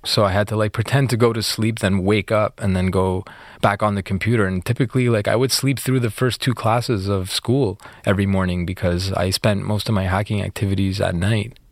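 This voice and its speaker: A man's voice: lowish voice, fairly even intonation, fairly quick, no room sound, clean studio sound. A man being interviewed about his past, telling the story in a casual, conversational way with lots of "like" and "you know.".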